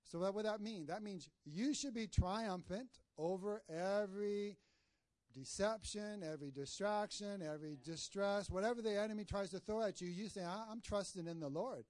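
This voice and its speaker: High-voiced preacher calling for amens. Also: male voice, normal speed, darkish tone, no echo. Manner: call-and-response, asks the congregation for amens; tells jokes and stories mid-sermon. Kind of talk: sermon.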